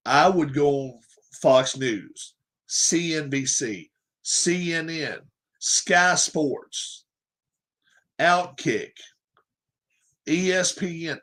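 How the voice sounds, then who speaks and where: A little high and a bit bright, this man's voice carries an opinionated sports rant on his livestream. He presses his points emphatically, says them again, and keeps asking rhetorical questions.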